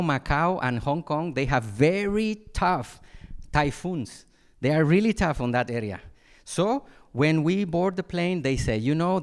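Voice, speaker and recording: High-voiced monk telling a lively story. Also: male voice. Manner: animated storyteller, imitates sounds and voices. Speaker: monastic teacher. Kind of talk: dharma talk with storytelling. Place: retreat hall.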